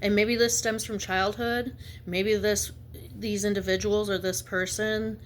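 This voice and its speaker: A woman giving a spiritual reading in a blunt, fervent way, halting often to restart her sentences. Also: medium pitch, flat delivery, slight background noise. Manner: emphatic, halting with many restarts; blunt and fervent, slips into slang. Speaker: intuitive reader.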